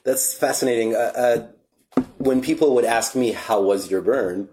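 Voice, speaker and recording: A man's voice: medium pitch, normal speed, noisy background. A man hosting a podcast, talking in a reflective, casual way and swearing now and then. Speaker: podcast host. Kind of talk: casual chat.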